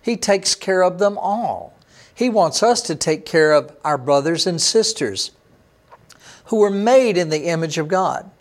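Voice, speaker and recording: Pastor guy with a high voice, reads verses up loud then goes quiet to explain. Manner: reads verses aloud with lifted emphasis, then drops to quiet commentary. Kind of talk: sermon reading and explaining scripture. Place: online church service.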